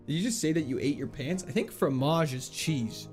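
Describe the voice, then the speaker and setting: Animated, chatty male game streamer. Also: fairly high pitch. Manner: chatty and playful, laughing often. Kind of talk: casual live gameplay commentary, reading chat.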